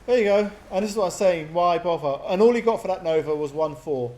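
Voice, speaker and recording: A man giving chatty, excitable live commentary on a strategy game match, often laughing. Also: high-pitched, fast talker. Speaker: game caster.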